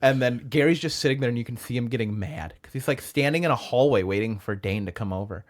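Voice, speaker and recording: A man's voice: medium pitch, quick pace. A man in his thirties, a stand-up comedian, telling stories in casual chat and acting out the people he quotes. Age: 30s.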